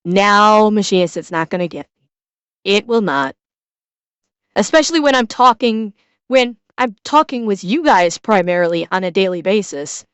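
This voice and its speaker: A woman's voice: medium pitch, animated, normal speed, fairly bright tone, clear, resonant tone, no room sound. A woman from Chicago with a Midwestern American accent, casually chatting with her chat while reacting to a video as a streamer. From Chicago, USA.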